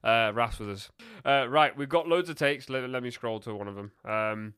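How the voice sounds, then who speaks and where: A man hosting a casual football podcast, teasing his guests in a dry, quick way. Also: medium pitch, fairly bright tone, smooth, no echo. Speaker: podcast host.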